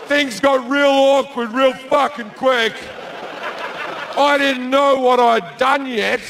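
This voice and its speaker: A man with an Australian accent doing stand-up, telling a brash, profane story and sometimes shouting. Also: very high-pitched, fairly even intonation, slow, vocal fry, a little hiss or hum. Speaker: stand-up comedian. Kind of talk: stand-up comedy. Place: comedy stage.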